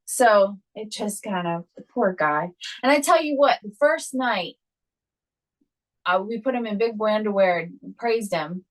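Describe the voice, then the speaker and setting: A woman's voice: medium pitch, lively intonation, unhurried, low-quality recording. Woman cohosting a podcast, casual chat, storytelling, acts out the quotes. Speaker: podcast co-host.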